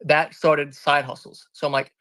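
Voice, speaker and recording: A fairly high-pitched man with a forceful, bright tone tells a personal story as an interview guest. He sounds earnest and rambles, doubling back to restart and correct himself. The voice is close and dry. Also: little pitch movement, normal speed, no echo. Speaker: interview guest, business founder. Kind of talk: candid personal storytelling in conversation.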